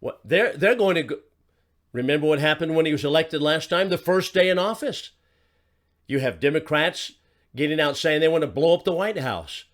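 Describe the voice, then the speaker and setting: A man with a fairly high voice delivers a political commentary monologue as its host. He hammers his points with rhetorical questions and repeated phrases. His delivery is emphatic throughout. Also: animated, normal speed.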